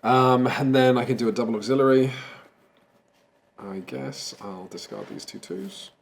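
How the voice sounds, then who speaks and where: A man's voice: mid-range voice, unhurried, vocal fry. A man in casual chat over a board game, dryly muttering to himself as he decides his moves.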